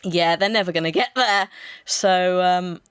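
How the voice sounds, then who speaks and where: A woman's voice: on the low side, unhurried, a little hiss or hum. A woman co-hosting a let's play, explaining game mechanics in a rambling, teasing way. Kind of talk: casual gaming chat.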